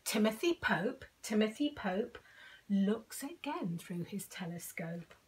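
A woman's voice: medium pitch, expressive, takes it slowly, a little mellow. An older woman at home reading a picture book aloud to children, sing-song with dramatic whispers. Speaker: storyteller.

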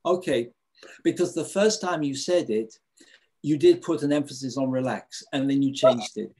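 A man teaches a live webinar over a video call, eager and enthusiastic, with lots of fillers and restarts. His mid-range voice is slightly rough and a little mellow, moving at a moderate pace.

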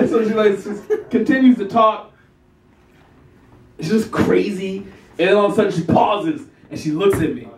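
A man's voice: high-pitched, normal speed, long pauses. A young man doing a live stand-up set in a small café, self-deprecating and chuckling through his own lines. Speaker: stand-up comedian. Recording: echoey room, distant mic.

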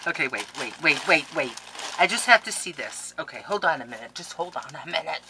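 A woman vlogger opening mail on camera in a casual, gushing, excitable way, with quick laughs and whispered asides. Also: deep voice, vocal fry, background noise. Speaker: scrapbooking vlogger.

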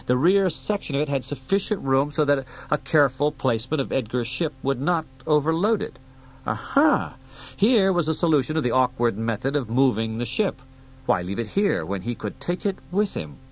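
A man reading an audiobook aloud in a steady storytelling delivery. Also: mid-range voice, normal speed, rough recording. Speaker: audiobook reader. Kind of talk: audiobook narration.

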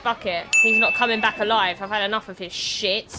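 A woman commentating a live gaming stream, swearing and yelling excitedly at the game. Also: mid-range voice, brisk, heavy background noise. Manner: foul-mouthed, excitable, yells at the game. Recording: game music clearly behind.

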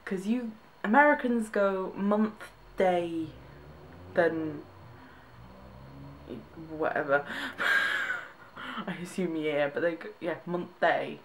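Slow, amused woman vlogger. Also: on the low side, expressive, slight background noise. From Britain. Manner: amused, laughs often, trails off and restarts. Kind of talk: casual reaction commentary.

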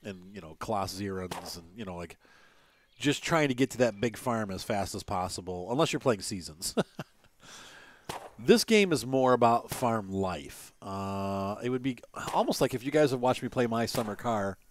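A man's voice: lowish voice, animated, normal speed, slight background noise. A man hosting a gaming channel, giving casual gameplay commentary in a rambling way, with many fillers and little chuckles. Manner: chuckles between remarks.

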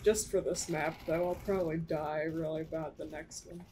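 A woman's voice: low voice, steady tone, moderate pace. A playful woman jokes her way through a shooter game and pokes fun at her own skills in easy, casual chat. A faint hum of noise sits under her voice. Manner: playful, jokey, self-mocking. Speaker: channel host.

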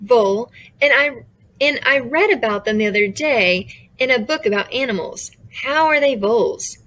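A woman's voice: on the high side, expressive, moderate pace, fairly bright tone, voice pushed up. A woman voicing a jittery, easily distracted male creature guardian who rambles sheepishly in a storybook reading. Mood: curious.

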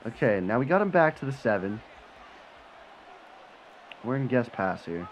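A man giving live commentary on his own football video game, muttering one moment and shouting and swearing the next. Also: unhurried, a little hiss or hum. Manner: swings from low mutter to excited yelling, swears when frustrated. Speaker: gaming channel host.

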